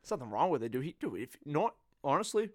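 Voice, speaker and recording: A chatty young man laughs his way through loose podcast banter. His voice sits a little high and moves lively up and down. The sound is dry and close-miked. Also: fast talker, dry recording. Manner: laughing, chatty, says dude a lot. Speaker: podcast co-host. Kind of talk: crude joking podcast banter.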